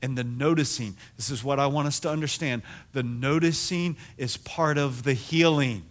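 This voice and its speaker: A middle-aged man preaching a sermon as pastor, telling stories in an animated, self-deprecating way. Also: mid-range voice, normal speed.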